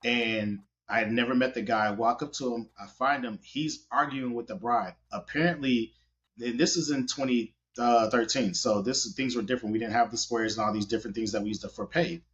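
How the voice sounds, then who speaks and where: A man, a wedding photographer, telling stories in a casual, animated interview. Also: medium pitch, brisk. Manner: animated, hustling storyteller. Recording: dull lo-fi audio.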